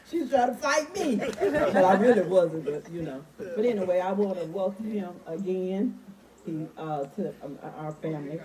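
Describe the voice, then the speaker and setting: A woman's voice: mid-range voice, unhurried. A woman speaking as the groom's mother, giving a chatty toast and laughing between sentences. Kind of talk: casual toast. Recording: distant mic in a noisy crowd. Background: crowd of guests.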